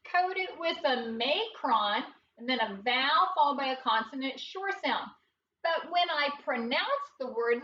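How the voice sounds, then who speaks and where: A woman teaching a phonics lesson, patient and deliberate, repeating words aloud and asking the students questions. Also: fairly high pitch, pushed and bright, distant mic, highs cut off, slight background noise. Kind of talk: slow, deliberate classroom instruction.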